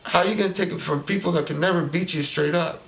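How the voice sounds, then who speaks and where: A man's voice: fairly high pitch, quick pace, gravelly. A man delivering a heated political rant, firing off repeated rhetorical questions. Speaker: vlogger ranting to camera. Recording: tinny phone-like lo-fi recording.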